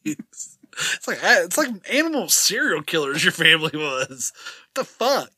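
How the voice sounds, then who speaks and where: A man with a high, very bright voice needles his friend with quick, teasing jabs. His laughter breaks in often, and his pitch moves widely. The sound is dry and close to the mic. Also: sing-song, breathy edge, no echo. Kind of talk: casual chat.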